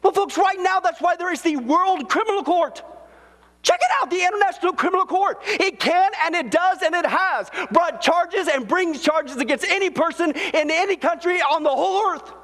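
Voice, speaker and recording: Man, pastor, fervent preaching, very high voice, long reverb trail. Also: normal speed, fairly bright tone. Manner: fervent, repeats "folks" and "wait a second". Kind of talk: preaching to camera.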